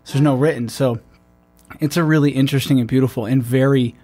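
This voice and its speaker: A man's voice: medium pitch, fairly even intonation, fast talker, mellow, slightly rough, dry recording, faint music behind. A man, a military veteran, talking in a loose, rambling way with many restarts and fillers. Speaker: podcast host. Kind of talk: casual conversation.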